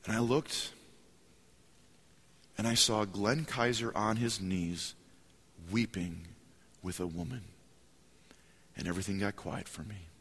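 A man preaching a sermon as a story, animated and acting out voices and cheers in a large church hall. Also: fairly low pitch, takes it slowly, pauses often, husky. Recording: hall reverb, live sermon.

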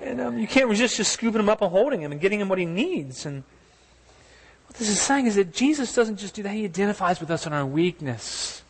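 A man's voice: high-pitched, big pitch swings, fairly quick, big-room sound. A man preaching a sermon in an earnest, conversational way, asking his listeners questions as he goes. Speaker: pastor.

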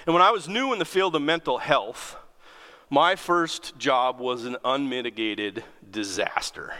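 A man's voice: mid-range voice, measured pace, pushed and bright. A man preaching a sermon in a conversational, storytelling way, reading scripture aloud. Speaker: pastor. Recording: long reverb of a large hall.

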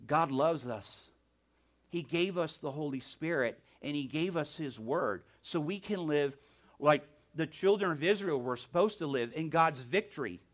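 A male pastor preaching a sermon in church, animated, often calling out "amen?" and "right?". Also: a little high.

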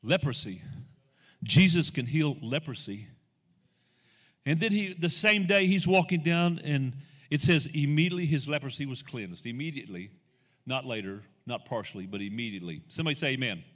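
Preaching man with a bright, ringing voice. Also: medium pitch, expressive, big-room sound. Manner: swings from soft, slow asides to loud rising exhortation; acts out quoted figures in his own voice. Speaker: guest preacher. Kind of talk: sermon.

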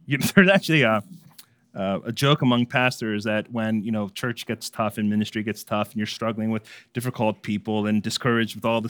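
A man's voice: mid-range voice, a bit bright, no echo, studio quality. Conversational man preaching a sermon. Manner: conversational, humorous preaching with frequent asides and chuckles. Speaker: pastor.

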